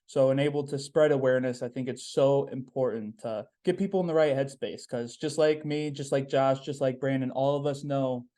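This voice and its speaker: A young podcast host rambles through a casual solo monologue in an upbeat mood, with plenty of "um"s and repeated phrases. His mid-range voice is warm and steady, moving at a normal speed with few pauses.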